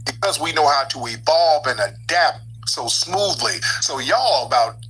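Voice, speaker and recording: A man's voice: fairly high pitch, animated, measured pace, bright, forceful tone, slight background noise, poor audio. A man hosting a call-in show, mocking and confronting a caller. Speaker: talk show host.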